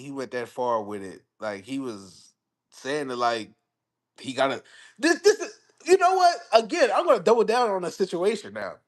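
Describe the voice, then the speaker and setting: A young man, hosting a live stream. He talks casually about football, swears freely, and rambles through repeated phrases as he reacts to his chat. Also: on the high side.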